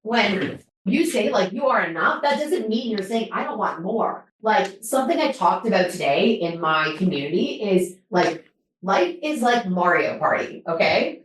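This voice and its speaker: A woman guest on a podcast in casual chat, animated and swearing, with many fillers. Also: medium pitch, moderate pace, far from the mic, slight background noise. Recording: very roomy, from off mic.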